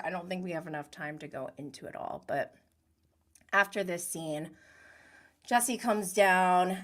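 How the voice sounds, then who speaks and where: A woman's voice: on the low side, a little slow, pauses often. A young woman casually recapping a reality show, chatty and giggly, acting out the cast's lines. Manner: chatty, giggly, acts out quotes.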